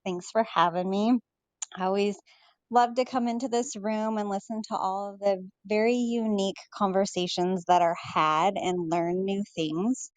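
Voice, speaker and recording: A woman guest in an online audio room, speaking gently and earnestly with frequent ums. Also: medium pitch, fairly even intonation, moderate pace, dry recording. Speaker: listener joining the stage. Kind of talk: casual chat.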